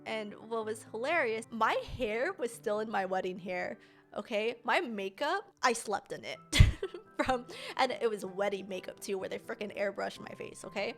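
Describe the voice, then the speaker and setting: Animated young woman telling a story. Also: mid-range voice, moderate pace, faint music behind. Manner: animated, laughs often, slangy. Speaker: streamer. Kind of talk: casual storytelling.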